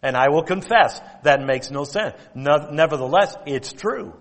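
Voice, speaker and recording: Emphatic pastor preaching in a reverberant hall. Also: male voice, a little high, expressive, fairly bright tone. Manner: emphatic preaching, quoting King James scripture; drawn-out stress on key words. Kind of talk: sermon. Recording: long reverb of a church hall.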